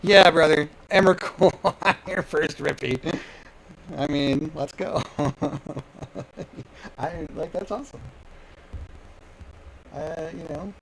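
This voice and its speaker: A man's voice: on the high side, takes it slowly, long pauses, slight background noise, low-quality recording. Hyped man hosting a card-opening stream. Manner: hyped, playful, talks straight to viewers. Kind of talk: excited live stream chatter.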